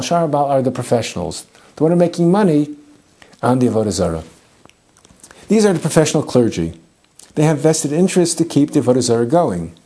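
A man's voice: medium pitch, warm tone. A man teaching a Bible story with humor and energy, dropping in Hebrew and Yiddish terms. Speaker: Torah teacher. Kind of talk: animated biblical storytelling lesson.

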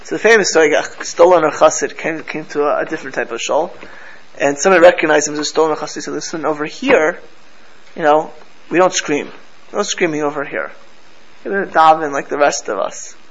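A man's voice: fairly high pitch, a little fast, dull audio. A man teaching a Torah class to a live group, telling stories animatedly and mixing Hebrew and Yiddish terms into his English.

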